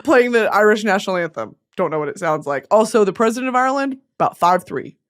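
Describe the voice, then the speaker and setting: A woman in her twenties hosting a podcast, telling a comedic story in a self-mocking, animated way, jumping between loud bursts and low mutters. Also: fast talker. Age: 20s. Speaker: podcast host.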